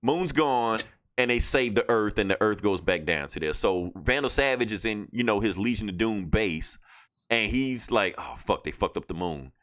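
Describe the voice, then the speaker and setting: A man's voice: fairly low pitch, animated, normal speed, a bit bright. A man hosting a podcast, recapping comic books in a loose, profane, casual way. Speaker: podcast host.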